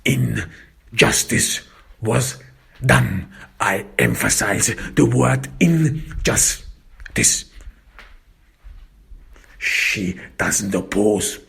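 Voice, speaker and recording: A man narrating a first-person detective story, slow, halting and reflective. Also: fairly low pitch, vocal fry, fairly bright tone, slightly rough.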